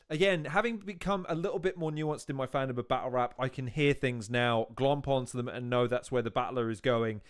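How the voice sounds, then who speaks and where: A man hosting a watch-along who reacts to a battle rap video with exclamatory asides and casual analysis. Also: medium pitch.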